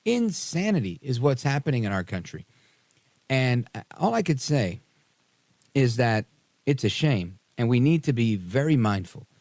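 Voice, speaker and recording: Brief: gravelly, dry-sounding talk radio host, casual and sarcastic, heavy on "uh" fillers. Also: male voice, medium pitch, very animated, normal speed, a little mellow, no echo. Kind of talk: live talk radio commentary. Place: radio studio.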